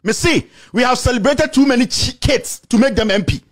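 A man with a Ghanaian accent delivering an angry, insulting rant to the camera, repeating himself and shouting. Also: very high voice, animated, fairly quick. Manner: shouting, insulting, repetitive tirade. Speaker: political commentator.

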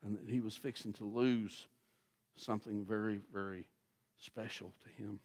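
A man preaching a sermon as guest pastor, telling the story in a folksy, dramatic way that swings from loud to hushed. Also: lowish voice, steady tone, normal speed.

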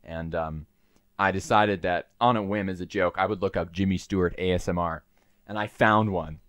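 A man's voice: deep voice, fairly even intonation, normal speed, a bit bright, no room sound. A man co-hosting a casual comedy podcast, telling rambling stories full of swearing and fillers. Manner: rambling storyteller, swearing, lots of "uh"s. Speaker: podcast co-host.

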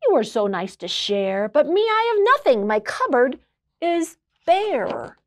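A bashful, grateful storybook bear, as a woman reads him in a slow, unhurried voice. He talks gently, fairly high for a bear, over a dry, close sound. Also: sing-song, no echo. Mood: earnest.

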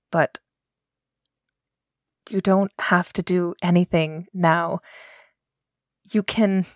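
A kind young woman leader, played by a woman, soft and a little hesitant. She talks in a slow, slightly lowered voice that sounds dry and close. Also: dry recording.

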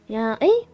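Slow, playful high-voiced young woman. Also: warm tone, no echo. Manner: playful and giggly, with squeals and silly sound effects. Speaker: game streamer. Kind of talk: casual gameplay chatter.

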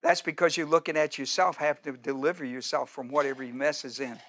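Emphatic high-voiced preacher man. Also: steady tone, a bit bright. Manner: emphatic, repeats phrases, slows down to stress commands; teacherly, quizzes the audience with questions. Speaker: pastor. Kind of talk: sermon.

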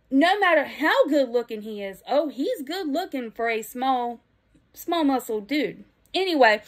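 A woman with a bright, high voice and a Southern accent vents her opinions straight to camera. She is middle-aged, blunt and emphatic, and swears freely as she gets more and more worked up. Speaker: vlogger. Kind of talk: impassioned opinion rant.

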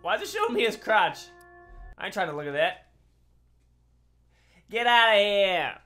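A high-pitched man calls his own shooter match live, his voice swinging wildly between mumbled asides and sudden yelps. He jokes and trash-talks the other players and sounds tired from travel. Music plays steadily behind him. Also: fast talker. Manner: excitable, yelps and laughs at big plays; joking, trash-talking opponents. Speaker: gaming commentator. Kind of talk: live gameplay commentary.

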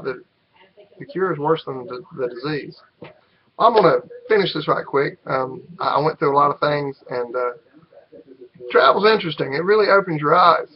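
A man's voice: on the high side, expressive, normal speed, breathy edge, lo-fi sound. A middle-aged man with a North Carolina accent, talking unscripted to the camera in a rambling, hesitant way, full of ums and restarts. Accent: North Carolina Southern US. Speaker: vlogger.

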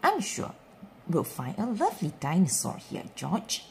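A woman doing a bright, kind mummy pig. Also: lowish voice, wildly swooping pitch, unhurried, creaky, slight background noise, heavily acted. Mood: soothing. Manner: bright, soothing. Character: kind, gentle mother pig.

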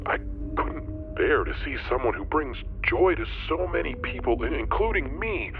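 A man's voice: medium pitch, big pitch swings, moderate pace, over music. An actor playing an obsessive, unstable male fan calling in, stammering and pleading. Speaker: caller. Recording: tinny phone line with faint noise.

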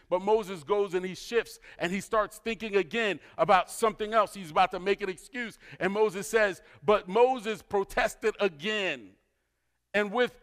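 A pastor delivers a sermon in a high, bright voice, telling the story with animation and acting out the dialogue. His voice rings through a church hall with long reverb. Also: unhurried. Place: church sanctuary.

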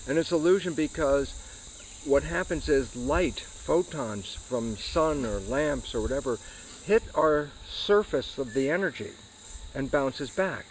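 A man's voice: mid-range voice, a little hiss or hum, rough recording. A man, an interview guest, explaining science and acting out his own questions and answers. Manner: animated, acts out questions and answers to himself.

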